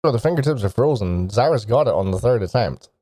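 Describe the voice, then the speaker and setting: A man narrating a tabletop game as game master, in a measured, descriptive way. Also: fairly low pitch, lively intonation, mellow, dry recording.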